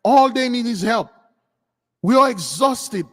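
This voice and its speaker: A man's voice: extremely high pitch, expressive, unhurried, a bit bright. A man hosting a channel, delivering an impassioned, preachy rant as livestream commentary. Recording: long hall reverb.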